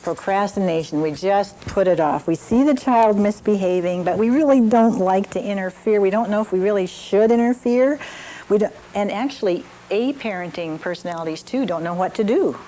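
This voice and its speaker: An older woman teaching a parenting class, gently telling stories from her own family with frequent restarts. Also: medium pitch, moderate pace, soft background music, low-quality recording.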